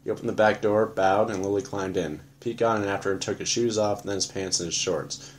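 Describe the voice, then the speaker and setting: A man narrating an audiobook in a flat, matter-of-fact first-person telling. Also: on the low side, fairly quick, a little hiss or hum.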